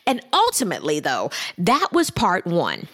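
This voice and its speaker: A sassy woman vlogger breaks down a reality show reunion in a casual, chatty way. Her pitch swoops up and down as she talks, and she keeps calling her viewers girl and honey. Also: huge pitch swings, moderate pace, fairly bright tone. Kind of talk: casual commentary to camera.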